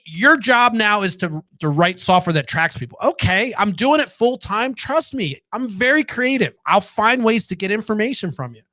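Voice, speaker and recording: A man with a fairly high voice gives a loose, candid late-night monologue. He swears freely and keeps throwing rhetorical questions at his listeners. The sound is close and dry, with no room echo. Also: pushed and bright. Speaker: podcast host.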